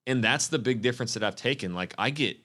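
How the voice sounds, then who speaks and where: A man's voice: medium pitch, quick pace, pushed and bright. A man, a real estate agent, coaching others in a casual live Q&A, blunt and enthusiastic with plenty of slang.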